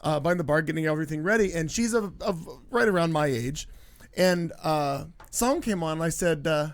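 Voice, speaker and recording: A man's voice: fairly high pitch, moderate pace. A man in his forties co-hosting a talk show, telling a rambling anecdote in casual chat with an amused tone. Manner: chatty, amused, rambling asides. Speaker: co-host.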